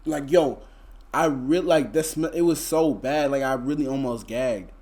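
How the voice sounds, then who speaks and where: A man's voice: mid-range voice, normal speed, a little mellow. A young man, telling a story to his live chat in a laid-back, slangy, rambling way full of fillers. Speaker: streamer.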